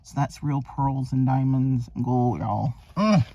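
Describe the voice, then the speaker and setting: A woman's voice: rumbling low, measured pace, dark tone, no room sound. A woman vlogger unboxing luxury items in a casual, gushing way, thinking aloud and exclaiming over what she finds.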